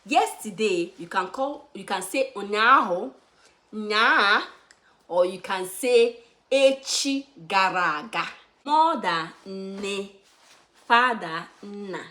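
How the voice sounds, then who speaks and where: A woman's voice: medium pitch, animated, pushed and bright. A young Nigerian woman from Anambra with an Igbo accent, teaching Igbo words to beginners and repeating each word for learners to follow. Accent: Nigerian English, Igbo. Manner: slow, repeats words for learners with emphatic drilling. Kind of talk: beginner language lesson.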